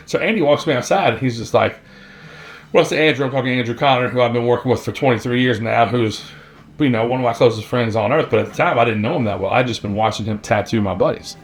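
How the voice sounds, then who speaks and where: Man in his forties, tattoo artist spinning a yarn; mid-pitched, swears freely, easygoing delivery. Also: fast talker. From Virginia, US. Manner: profane, blunt, laid-back storyteller. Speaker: tattoo artist telling a story. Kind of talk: casual storytelling.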